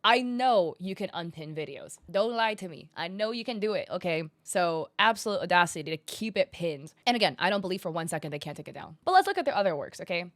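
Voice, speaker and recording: Woman ranting to her viewers, sarcastic and animated, kinda exasperated, dry close mic. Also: fairly low pitch, brisk, few pauses, no echo. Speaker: commentary YouTuber. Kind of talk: casual commentary reading messages aloud.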